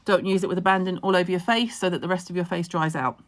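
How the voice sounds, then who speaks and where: A woman giving brisk, frank skincare advice in a casual livestream Q&A, chatty and full of ums. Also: fairly low pitch, fairly even intonation. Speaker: skincare expert answering viewer questions. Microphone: phone on a livestream.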